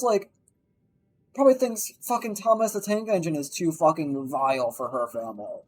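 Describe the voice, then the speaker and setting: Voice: mid-range voice, very animated, normal speed, long pauses, poor audio. A streamer telling a story in a casual live stream, swearing freely, rambling and acting out the people being quoted.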